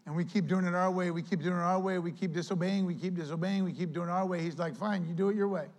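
A male pastor preaching a sermon with lively delivery, acting out quoted voices. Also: sits high, fast talker.

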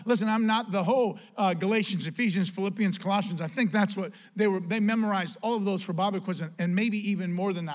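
A male pastor with a high-pitched voice delivers a sermon. He swings between loud, climbing pleas and relaxed, joking asides to the congregation. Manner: impassioned, rising to near-shouts when quoting Paul; conversational asides and jokes.

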